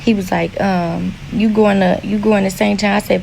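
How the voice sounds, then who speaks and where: A woman's voice: mid-range voice, steady tone, moderate pace, gravelly, darkish tone, a little hiss or hum, poor audio. A young woman telling her own story in a blunt, matter-of-fact way. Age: young adult. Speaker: storyteller in a played clip. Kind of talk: casual storytime.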